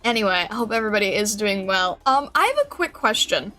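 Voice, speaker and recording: A woman's voice: mid-range voice, very animated, quick pace, pushed and bright, soft background music. A woman streamer chatting casually with her live chat, bubbly and giggly, greeting viewers by name from a home desk mic. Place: home streaming room with a fan. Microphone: desk mic with noise filter.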